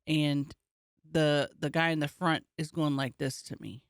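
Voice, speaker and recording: A woman's voice: deep voice, measured pace, dry recording, studio quality. A woman comedian co-hosting a casual podcast, telling a story with energy and acting out the people in it. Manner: animated storytelling, acts out the people she talks about.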